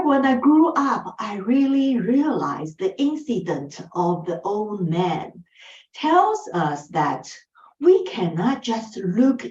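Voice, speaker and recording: Woman from Taiwan; slow, lively storyteller, lifted voice, heard far off and muffled in a roomy space. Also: medium pitch. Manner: animated, acts out dialogue. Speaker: club speaker. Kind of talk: prepared storytelling speech.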